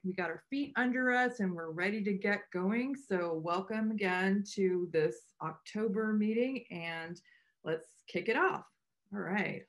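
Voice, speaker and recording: A woman co-founder hosting a meetup on a video call, chatting in a loose, rambling way with many restarts. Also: fairly low pitch. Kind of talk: casual welcome remarks on a video call.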